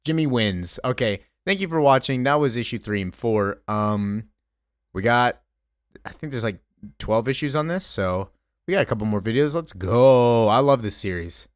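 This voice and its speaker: A young man casually retelling a comic story as a recap host, rambling with lots of fillers and slipping into quick character voices. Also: mid-range voice, animated, no room sound, clean studio sound.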